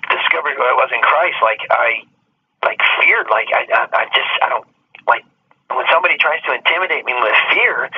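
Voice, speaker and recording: A man with a very husky, rough voice pitched a little high for a man, telling excitable, rambling stories and dropping "dude" and swear words constantly. The recording sounds dull and lo-fi. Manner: rambling, profane, says "dude" often; excitable storyteller. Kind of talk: casual chat.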